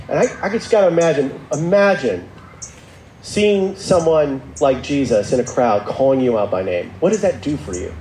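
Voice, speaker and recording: A man preaches in a relaxed, conversational storytelling style, lowering his voice when he acts out what people said. His voice sits a little high but sounds mellow and warm. The room is echoey, with a faint hum of ambience behind him. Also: normal speed. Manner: storytelling, acting out quotes in a lower voice; conversational, with asides and restarts. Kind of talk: sermon.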